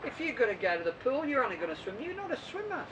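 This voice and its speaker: A woman's voice: high voice, big pitch swings, fast, distant mic, background noise. A woman coaching swimmers in an informal talk, blunt and emphatic, mocking fussy training plans. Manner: blunt, emphatic, mocks other coaches' methods. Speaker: swim and triathlon coach.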